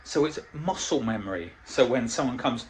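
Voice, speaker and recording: A man's voice: medium pitch, expressive, moderate pace, a little hiss or hum, rough recording. A middle-aged man coaching on dieting in a casual vlog, blunt and swearing constantly as he tells stories. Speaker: diet coach.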